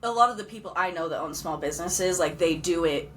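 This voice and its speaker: Young woman on a podcast, kinda nervous and giggly, lowish voice, faint hiss. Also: quick pace, poor audio. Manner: self-conscious, giggly, a little nervous. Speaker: podcast co-host. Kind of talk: casual chat. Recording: faint background noise.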